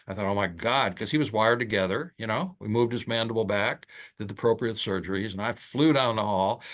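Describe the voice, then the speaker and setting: An older man, an oral surgeon hosting his own show, telling a patient story in a casual monologue and acting out the quotes with his pitch climbing high. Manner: animated storyteller who acts out quotes with rising pitch. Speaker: oral surgeon and podcast host.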